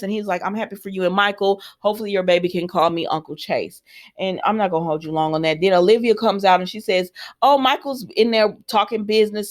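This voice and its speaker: A woman casually recapping a soap opera episode as host, rambling and chatty, with frequent ums and restarts, and quick asides as she paraphrases each character's lines. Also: medium pitch.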